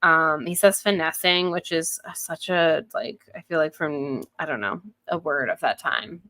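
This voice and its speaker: A woman's voice: low-pitched, a little slow, sharp tone, no room sound. A woman co-hosting a podcast about a book, retelling the chapter casually and acting out the characters' lines. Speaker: podcast co-host. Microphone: headphones and studio mic.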